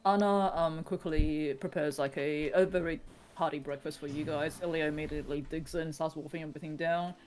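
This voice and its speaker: A man's voice: on the high side, fairly even intonation, brisk, darkish tone, slight background noise. A man narrating a tabletop game as game master, hesitant with many fillers.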